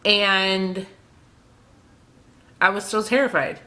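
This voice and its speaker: A woman's voice: mid-range voice, fairly even intonation, slow pace, pushed and bright. A young woman talking in an emotional confessional vlog, hesitant and rambling, with many fillers and restarts, near tears. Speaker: beauty vlogger.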